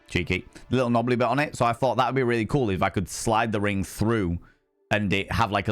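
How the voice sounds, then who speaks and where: A male streamer with a Yorkshire accent chats loosely with his audience, swearing freely and laughing often. His voice sits on the low side for a man. Faint music plays underneath. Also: no echo. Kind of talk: casual live-stream chat.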